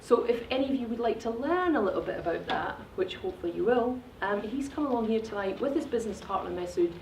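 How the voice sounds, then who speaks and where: A woman's voice: fairly high pitch, lively intonation, fast, darkish tone, reverberant, far from the mic, slight background noise, poor audio. A middle-aged woman hosting an event and introducing the speakers, hesitant and full of fillers, recorded from afar in a hotel function room. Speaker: event host.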